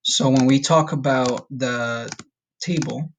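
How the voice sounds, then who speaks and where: A man's voice: medium pitch, fairly even intonation, slight background noise. Upbeat man teaching Spanish words. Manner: patient, slow repetition drills with upbeat asides. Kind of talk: recorded online vocabulary lesson.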